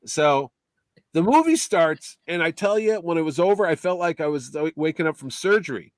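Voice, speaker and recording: High-voiced man telling an animated story. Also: brisk, no echo. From Connecticut. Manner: animated, acts out quotes in put-on voices. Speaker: podcast host. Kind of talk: casual storytelling chat.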